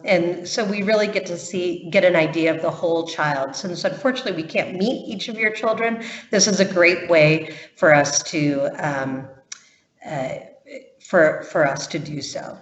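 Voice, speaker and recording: A woman presenting camp admissions in a webinar, patient and reassuring, pausing often on ums. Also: fairly low pitch, a little hiss or hum. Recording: muffled, roomy webinar audio.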